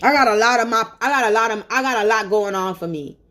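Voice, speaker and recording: Fairly high-voiced woman ranting into her phone on a livestream, cursing a lot and repeating herself. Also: fast, a bit bright. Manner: angry, profane and repetitive ranting. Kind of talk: emotional venting livestream.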